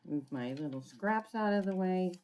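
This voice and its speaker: A woman with a low voice walks through a crafting tutorial at her desk. She talks casually and thinks aloud as she works, pausing to clear her throat. Faint clicking sounds come from her tools in the background. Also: animated, darkish tone, a little hiss or hum. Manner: chatty, thinking aloud while working, frequent throat clearing. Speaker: papercraft demonstrator.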